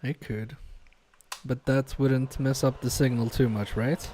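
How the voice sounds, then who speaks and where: A man talks unhurriedly in a mellow, darker tone while he solders and chats on a live stream. He reads viewer comments aloud, mutters to himself and pokes fun at his own mistakes. A faint hiss sits under his voice at his home workbench. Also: medium pitch, steady tone, unhurried. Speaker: live-stream repair technician.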